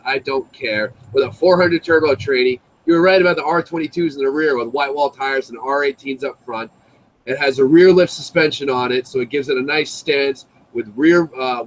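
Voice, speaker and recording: A man's voice: fairly high pitch, poor audio. Profane slangy young man telling stories. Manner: profane, slangy greaser talk; animated, acts out voices in his story. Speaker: live stream guest. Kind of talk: casual storytelling chat.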